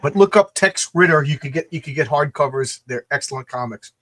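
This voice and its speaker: A man's voice: a little high, brisk, sharp tone. An American man co-hosting a casual livestream chat, enthusiastic and often repeating words as he thinks. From United States. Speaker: co-host of a comics show.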